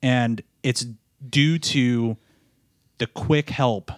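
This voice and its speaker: Tired, halting man telling a story. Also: medium pitch, dry recording, studio quality. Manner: halting, repeats words and restarts often. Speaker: podcast co-host, new father. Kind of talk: emotional personal storytelling.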